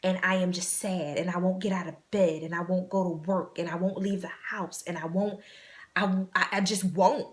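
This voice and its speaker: A woman vlog host telling a personal story in an earnest, halting way, repeating phrases and sometimes dropping to a hush. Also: lowish voice, steady tone.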